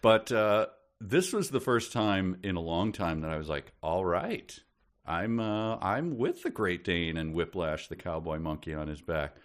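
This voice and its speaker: A man's voice: low voice, animated, unhurried. A man co-hosting a casual book podcast, wry and joking as he recounts the story. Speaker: podcast co-host.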